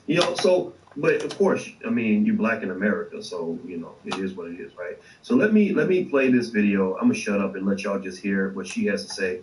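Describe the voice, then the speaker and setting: A man with a low voice hosts a casual livestream, talking in an animated, profane way and padding his speech with fillers. The room is echoey and he sits well back from the mic. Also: fairly quick, few pauses, recorded from a distance, slight background noise. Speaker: host of an online show.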